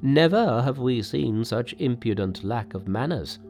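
A man's voice: medium pitch, lively intonation, measured pace, a little mellow, faint music behind. A man voicing a group of indignant, proud male court officials in an audiobook.

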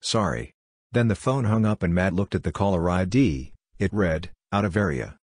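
A man reading a series of short ghost stories aloud in a steady, even storytelling delivery. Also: sits low, moderate pace, husky, dry recording, studio quality. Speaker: narrator.

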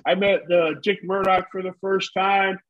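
A man's voice: high voice, flat delivery, measured pace, fairly bright tone. A man in his fifties telling long, profane stories in casual chat as a podcast co-host. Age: 50s. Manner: profane, rambling storyteller. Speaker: podcast co-host, former pro wrestler. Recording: dull lo-fi audio.

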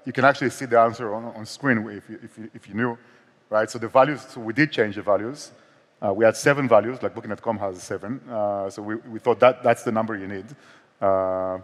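In a large hall, a startup co-founder and CEO with an Israeli accent appears as a guest on the conference stage, with a long reverb in the recording. He speaks briskly in a fairly low voice. His talk is candid and self-deprecating, with many restarts.

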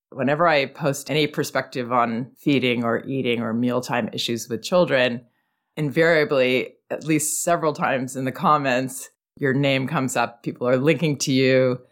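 Earnest woman hosting a podcast. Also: extremely low pitch. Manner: earnest, admiring interviewer. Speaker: podcast host. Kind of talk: interview hosting.

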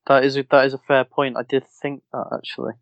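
A man's voice: mid-range voice, level tone, fast, vocal fry, dry recording, highs cut off. A man co-hosting a casual podcast and running a quiz, easygoing and agreeable. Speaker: podcast co-host and quizmaster.

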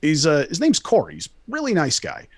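A man's voice: on the high side, huge pitch swings, a little fast, slightly rough, no room sound. A young man telling a story casually, rambling and swearing with many fillers and restarts.

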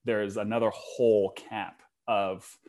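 A man's voice: on the low side, measured pace. A young man hosting a podcast in casual conversation, telling stories and acting out the quotes. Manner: animated storytelling, acts out quotes. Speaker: podcast host.

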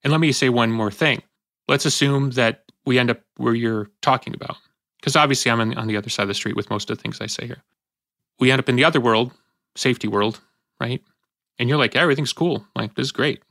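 A man hosting a casual podcast debate, animated and acting out little voices as he tells a story. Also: mid-range voice, fairly quick, creaky, no room sound, clean studio sound. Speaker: podcast host.

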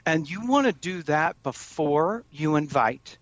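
A man's voice: on the high side, expressive, measured pace, a bit bright, dry recording, dull audio. Earnest man coaching parents. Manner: earnest, with frequent restarts and stammered starts. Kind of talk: conversational advice.

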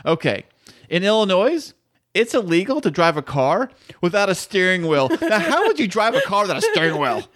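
A man's voice: high voice, huge pitch swings, brisk, a bit bright. A man co-hosting a casual comedy podcast, reading out odd facts and riffing on them in a jokey, rambling way. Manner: jokey, rambling, reads items aloud. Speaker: podcast co-host. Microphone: studio mic.

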